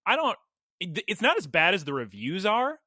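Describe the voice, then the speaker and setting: A man's voice: sits high, wildly swooping pitch, moderate pace, sharp tone, no room sound. Young male podcast co-host, chatty storyteller, dry close sound. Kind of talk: casual chat.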